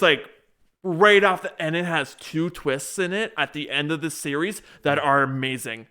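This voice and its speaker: A man's voice: fairly high pitch, normal speed, bright, forceful tone, smooth. A young man co-hosting a casual podcast chat, rambling through a show's plot with many restarts and fillers. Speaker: podcast co-host.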